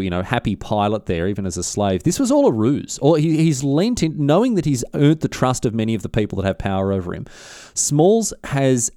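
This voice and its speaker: A man telling a history story in a loose, chatty way, full of filler words, restarts and cheeky slang. His pitch swings lively up and down as he goes. The recording is close and dry, without room sound. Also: no echo.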